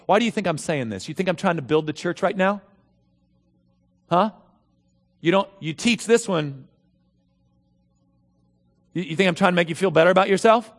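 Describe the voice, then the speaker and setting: A man's voice: high voice, lively intonation, normal speed, long pauses, soft background music. A man preaching a sermon as pastor, emphatic, asking rhetorical questions and reading scripture aloud. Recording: long hall reverb.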